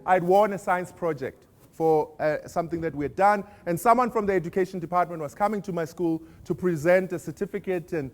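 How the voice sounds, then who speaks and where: Man, motivational speaker, fairly high voice, storytelling, playful audience questions. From South Africa. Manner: storytelling, warm humor, asks the audience questions. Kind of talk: inspirational keynote talk.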